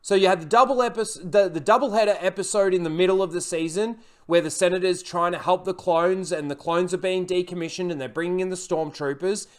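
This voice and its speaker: A man's voice: high-pitched, fairly even intonation, brisk, few pauses. A man recapping and reviewing a TV episode in a casual, rambling way, full of fillers and blunt, profane criticism.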